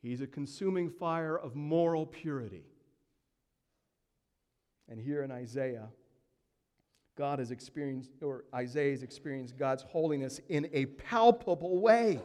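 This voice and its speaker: A man preaching a sermon with emphatic delivery, dropping to hushed tones and building to loud peaks. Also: mid-range voice, unhurried, pauses often, in a large hall.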